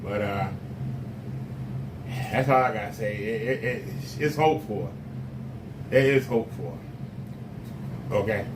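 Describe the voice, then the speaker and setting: A man's voice: on the low side, measured pace, long pauses. A man giving rambling, repetitive casual reaction commentary. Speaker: commentary streamer. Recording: distant, roomy audio with background noise.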